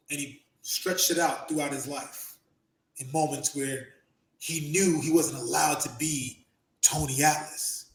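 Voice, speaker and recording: A man hosting a podcast, telling profane, animated stories, laughing often and acting out the people he quotes. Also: on the high side. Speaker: podcast host and former wrestler. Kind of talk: casual storytelling chat. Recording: roomy echo.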